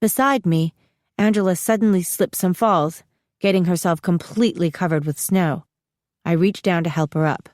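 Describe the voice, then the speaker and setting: Woman audiobook narrator, first person, lowish voice, dry booth sound, steady pace. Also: normal speed, dry recording.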